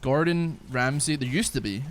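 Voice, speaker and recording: A man's voice: medium pitch, moderate pace, slight background noise. A young man streaming a game live, chatting casually, rambling with frequent restarts and plenty of swearing. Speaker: gaming streamer. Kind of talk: casual live-stream chat while gaming.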